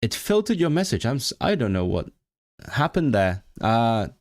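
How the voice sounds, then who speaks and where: A man's voice: mid-range voice, big pitch swings, moderate pace, a little mellow. A man whose first language is Cantonese, hosting a casual livestream chat, rambling with many restarts and reading chat messages aloud. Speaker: livestream host.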